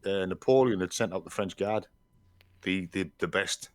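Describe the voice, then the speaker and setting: A man's voice: low voice, moderate pace, no echo. A man co-hosting a podcast, retelling military history earnestly and often repeating words as he searches for them. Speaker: podcast co-host. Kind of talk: casual chat.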